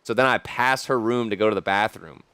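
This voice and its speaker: A young man, a gaming streamer, chatting casually and excitedly over gameplay, full of slang. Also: lowish voice, fairly quick, smooth. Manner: animated, slangy, says "dude" a lot.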